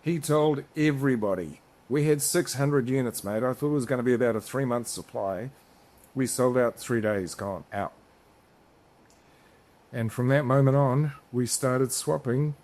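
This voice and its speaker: His voice is medium in pitch, somewhat dark in tone, and a little slow. This business founder, a podcast guest, tells stories in a casual, rambling interview, swearing freely and restarting his sentences.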